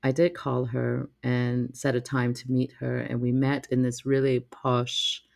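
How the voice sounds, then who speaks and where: A man telling a personal story in a reflective, halting way, with many pauses and restarts. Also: mid-range voice, completely flat delivery, gravelly.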